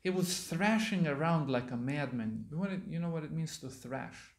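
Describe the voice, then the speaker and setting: A man, a monk giving a sermon, reading a story aloud and pausing to explain words to his listeners, in a temple hall. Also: a little high, animated. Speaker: monk lecturer.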